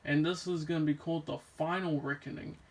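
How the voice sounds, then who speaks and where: A man's voice: on the high side, steady tone, brisk, gravelly. A young man vlogging in a casual, rambling way, with lots of fillers and restarts as he talks about films he loves. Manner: rambling, full of "like" and "um", enthusiastic. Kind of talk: casual movie chat.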